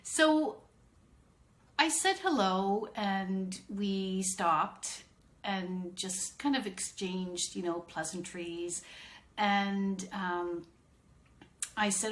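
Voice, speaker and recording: Slow-spoken middle-aged woman telling a story. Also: medium pitch. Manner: chatty, anecdotal, greets viewers by name. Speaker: autism consultant. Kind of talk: live-streamed storytelling talk to viewers.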